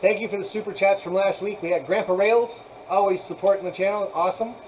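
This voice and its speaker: Man, live stream host, casual chat, rambling, laughs a lot, higher voice. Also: steady tone, fast, slight background noise, rough recording. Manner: chatty, rambling, laughs often, thanks viewers.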